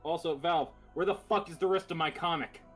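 Sarcastic ranting friend, mid-pitched voice. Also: brisk. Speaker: co-host friend. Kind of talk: casual chat. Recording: loud game music underneath.

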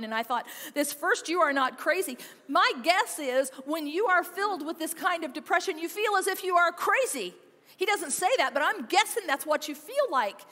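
A woman pastor preaching a sermon, emphatic, moving between loud urging and quiet, intimate passages. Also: very high-pitched. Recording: long reverb of a church hall.

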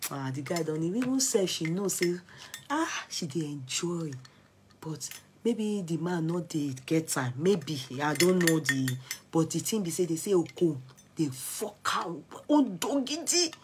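A young Nigerian woman with an accent, excitedly recounting gossip on her vlog and switching between Pidgin and Yoruba. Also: on the low side, husky. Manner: excitable, mixing Pidgin and Yoruba, laughing asides. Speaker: gossip vlogger. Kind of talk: animated gossip commentary.

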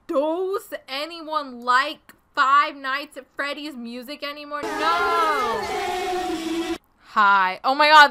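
Bright, high-voiced woman gaming. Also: clear, resonant tone. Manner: playful, laughs often, reads players' text aloud. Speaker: gaming video host. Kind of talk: casual game commentary.

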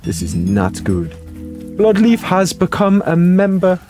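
A young man doing live gameplay commentary, playful and excitable, reading chat and yelping at the action. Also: a little slow, faint music behind. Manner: playful and excitable, jumping to high yelps. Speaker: streamer.

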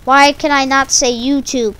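A woman's voice: sits high, little pitch movement, moderate pace, fairly bright tone, rough recording. A woman rambling through a silly, stumbling casual monologue for her video channel. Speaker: video creator.

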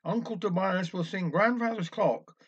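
A man's voice: sits high, normal speed, slightly rough. A man with a Cornish accent voicing a formal older village chairman announcing a concert. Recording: dull lo-fi recording.

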